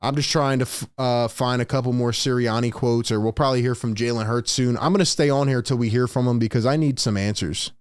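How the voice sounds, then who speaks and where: A man's voice: mid-range voice, steady tone, brisk, hardly any pauses, smooth, no room sound, studio quality. A man hosting a live-stream sports commentary, ranting in exasperation to his chat. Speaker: sports talk host.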